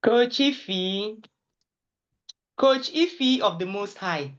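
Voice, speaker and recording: A woman hosting an event, calling up speakers and thanking them in an unhurried, friendly way. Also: mid-range voice, lively intonation. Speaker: event host. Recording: dull lo-fi recording.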